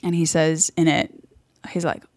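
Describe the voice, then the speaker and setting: Playful woman podcast co-host, lower voice. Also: flat delivery, moderate pace, a little mellow, no echo, clean studio sound. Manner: playful, rambling, many "like"s. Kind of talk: casual chat.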